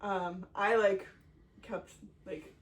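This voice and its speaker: A woman's voice: medium pitch, fairly even intonation, drawn-out words. A woman co-hosting a podcast, telling a story in casual chat and filling it with "like.". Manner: chatty storytelling, full of "like". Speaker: podcast co-host. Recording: distant mic with faint background noise.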